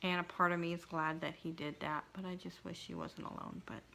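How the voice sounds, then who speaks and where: A middle-aged woman vlogger telling a personal story in an emotional, halting way, with frequent restarts and pauses. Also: fairly low pitch, little pitch movement, creaky, bright, forceful tone, slight background noise. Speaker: craft vlogger.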